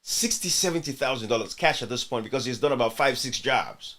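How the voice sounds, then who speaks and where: A man's voice: medium pitch, lively intonation, a little fast, pushed and bright. A man hosting a channel who comments earnestly on an interview clip, addressing viewers directly and repeating himself for emphasis.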